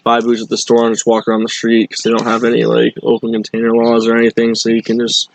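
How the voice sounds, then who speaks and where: Young man, casual chat guest, rambling storyteller, monotone. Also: medium pitch, fast, gravelly, no room sound, poor audio. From Boston area. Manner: rambling, many fillers and restarts.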